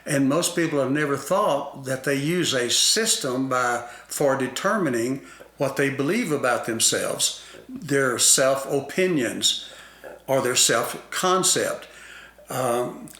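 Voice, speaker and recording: A man explaining ideas about self-concept in a slow, deliberate talk-show conversation, with many fillers and restarts. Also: medium pitch, animated, a bit bright, roomy sound. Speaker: guest expert on self-concept.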